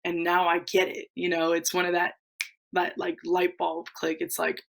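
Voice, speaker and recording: Relaxed young woman, low-voiced softball guest. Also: normal speed, vocal fry, poor audio. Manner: relaxed, many fillers, laughs easily. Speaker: former college softball player, guest. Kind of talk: casual interview.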